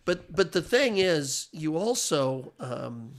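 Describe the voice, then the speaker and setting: A man's voice: fairly high pitch, big pitch swings, takes it slowly. Rambling storytelling man. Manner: rambling, repeats words, laughs while telling. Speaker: race announcer, podcast guest. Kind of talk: casual storytelling chat.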